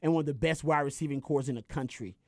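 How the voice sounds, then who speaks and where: A man co-hosting a casual sports podcast, animated and exclaiming in disbelief. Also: fairly high pitch, quick pace, no echo, clean studio sound. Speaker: podcast co-host.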